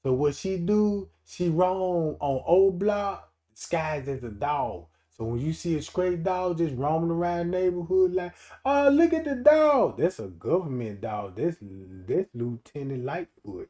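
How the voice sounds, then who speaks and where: A man doing a loud comedic livestream rant, animated and profane, laughing often and acting out quotes in different voices. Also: a little high, a little slow, few pauses. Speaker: streamer.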